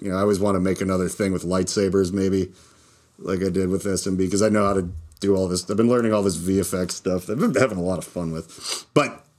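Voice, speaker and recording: A man hosting his own show, a stand-up comic talking in a casual, rambling monologue, restarting sentences and laughing at his own jokes. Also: sits low. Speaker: podcast host and stand-up comic.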